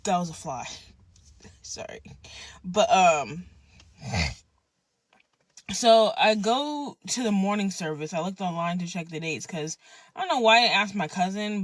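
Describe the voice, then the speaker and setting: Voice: mid-range voice, a bit bright, no echo. A person telling a personal story in a casual, rambling monologue, peppered with slang and swearing.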